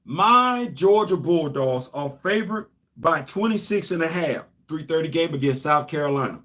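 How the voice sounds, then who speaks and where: A man hosting a casual live-stream show, animated and laughing often as he chats about football. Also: fairly high pitch, normal speed. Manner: animated, laughing often, Southern colloquial talk. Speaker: show host.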